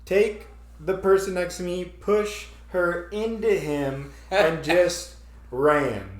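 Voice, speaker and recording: Man, slightly high voice, slow, laughing storyteller, animated, casual talk show host, echoey room. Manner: animated, laughing often, acts out his own panic. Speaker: podcast host.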